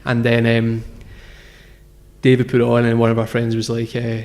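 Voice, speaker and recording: A man's voice: medium pitch, completely flat delivery, normal speed, darkish tone. A man, a guest founder telling his story in a casual interview, rambling with lots of fillers and restarts. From Scotland. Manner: rambling, filler-heavy, self-correcting.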